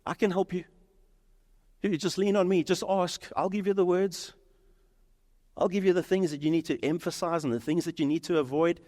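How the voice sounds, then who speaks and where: Animated male preacher in a reverberant hall. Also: on the high side, brisk. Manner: animated, acts out dialogue in quoted voices. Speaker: pastor. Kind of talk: sermon. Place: church sanctuary.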